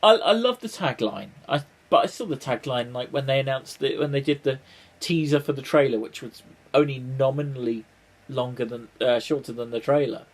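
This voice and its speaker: A man talks to his viewers in a loose, casual vlog. His voice sits at an ordinary middle pitch. He rambles, trails off into ums and restarts, and drops in the odd dry swear word. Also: moderate pace. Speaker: vlogger reacting to a trailer. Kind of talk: casual chat to camera.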